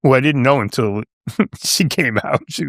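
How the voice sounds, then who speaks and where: This man, in his seventies and from Long Island, New York, rambles as he tells a casual story on a podcast, dropping "you know" and "right?" the whole way. His mid-range voice is fairly bright with lively intonation and a slightly slow pace. It is recorded in clean, dry studio sound.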